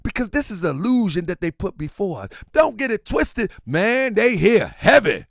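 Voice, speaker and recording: A man hosting a show and giving a casual commentary monologue. He tells stories in an animated way and keeps saying "man". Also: sits high, normal speed, creaky, dry recording, studio quality. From Baltimore. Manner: animated storyteller, repeats "man" often. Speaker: show host.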